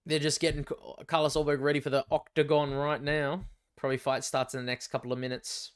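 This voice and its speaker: A young Australian man hosting a live fight watch-along, chatty and excitable, swearing freely as he reacts. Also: on the high side, fast, clear, resonant tone. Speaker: livestream fight companion host.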